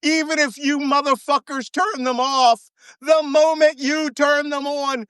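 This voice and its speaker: A man's voice: extremely high pitch, fairly even intonation, a little slow, fairly bright tone, no room sound. Profane, ranting ex-navy man. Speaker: guest commentator, former navy chief. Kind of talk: heated talk-show commentary.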